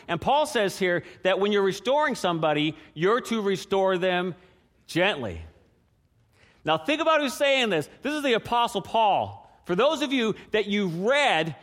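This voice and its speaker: A man's voice: high voice, fairly bright tone. Man preaching in a reverberant hall. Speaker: pastor. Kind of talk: sermon.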